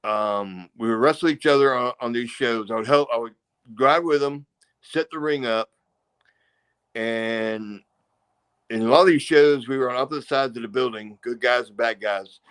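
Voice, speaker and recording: A man's voice: mid-range voice, normal speed, a bit bright, clear, resonant tone. A middle-aged man, a former wrestler, telling rambling stories in a casual interview and acting out quotes and sound effects. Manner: rambling, acts out quotes and crowd noises.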